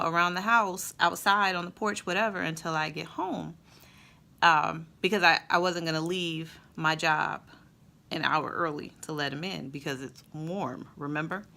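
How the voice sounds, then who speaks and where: A woman and mother telling a family story in a casual, expressive way, then drawing a faith lesson from it. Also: deep voice. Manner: conversational, expressive, with fillers. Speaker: mother and Christian vlogger.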